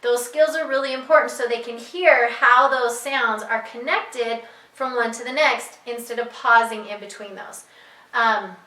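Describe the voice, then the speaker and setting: Bright-voiced woman teaching parents, echoey room. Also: on the high side, steady tone, measured pace, far from the mic. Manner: patient, repeats key points, stretches out sounds to demonstrate. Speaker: reading teacher. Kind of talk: instructional talk to parents.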